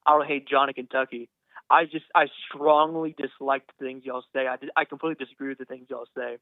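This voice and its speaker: A man's voice: mid-range voice, steady tone, quick pace, no room sound. A young man calls in over a thin, tinny phone line. He speaks earnestly, tripping over and repeating his words, and his voice sits dry and close. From Texas. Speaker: caller. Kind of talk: phone-in conversation.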